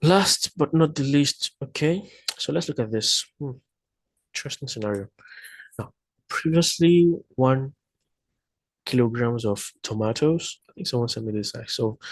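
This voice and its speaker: A man with a husky voice talks through a math lesson one step at a time, pausing to think and correcting himself as he goes. His voice sounds dry and close to the mic, with no room echo. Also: mid-range voice. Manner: thinking aloud, hesitant, self-correcting. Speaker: math tutor. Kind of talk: explaining math problems step by step.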